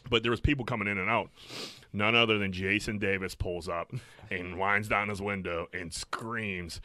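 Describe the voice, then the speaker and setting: Guy with a lowish bright voice, swearing and rambling through stories, dry mic. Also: fairly even intonation, moderate pace, no echo. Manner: rambling, profane storytelling with many restarts. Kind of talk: casual chat.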